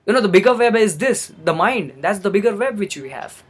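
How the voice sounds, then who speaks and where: A man's voice: high voice, expressive, fairly quick, breathy edge. A young man giving an earnest motivational talk, repeating phrases for emphasis. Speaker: motivational speaker. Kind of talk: motivational monologue.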